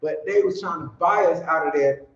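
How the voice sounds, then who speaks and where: A teacher with a fairly high male voice leads a casual class a little fast, in a blunt, profane, rambling manner. The recording is echoey with a dull, lo-fi sound.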